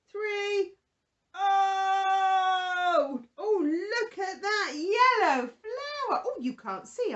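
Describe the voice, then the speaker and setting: A woman leads a Bible lesson for small children and chats with a puppet friend. Her voice sits high and swoops up and down, and she takes her time over each word, in the soft, exaggerated manner of someone talking to toddlers. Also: dull audio. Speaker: children's church presenter.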